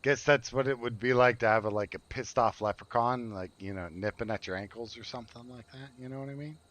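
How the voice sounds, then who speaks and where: A man's voice: mid-range voice, a little fast, fairly bright tone. A man streaming a game, chatting and teasing his viewers in a joking, casual way.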